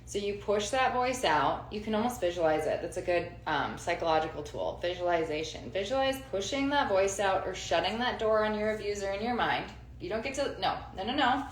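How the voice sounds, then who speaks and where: Woman in her forties, emphatic advice talk, mid-pitched voice, roomy sound, faint hiss. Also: animated, brisk, few pauses. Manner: emphatic, repeats key phrases, asks for agreement. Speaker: self-help speaker.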